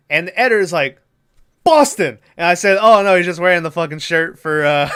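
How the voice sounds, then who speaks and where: A man is recapping a horror movie on a podcast in a loose, profane way. He acts out the characters' lines as he goes. His voice is bright and crisp, with a clean, resonant tone. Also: a little high. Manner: rambling, swears freely, acts out characters' lines. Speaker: podcast co-host. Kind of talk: casual movie recap chat.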